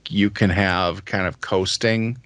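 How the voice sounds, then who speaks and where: Very low-voiced male podcast host, casual and thinking aloud, dry close sound. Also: fairly even intonation, takes it slowly, a bit bright, no room sound. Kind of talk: conversational podcast talk.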